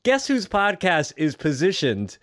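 A man's voice: sits high, wildly swooping pitch, a little slow, a bit bright, no room sound, clean studio sound. A man co-hosting a casual podcast chat in a playful, jokey way. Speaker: podcast co-host.

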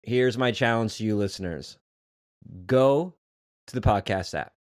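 A man's voice: on the low side, measured pace, no room sound, studio quality. A man co-hosting a casual podcast chat in a playful, jokey way. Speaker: podcast co-host.

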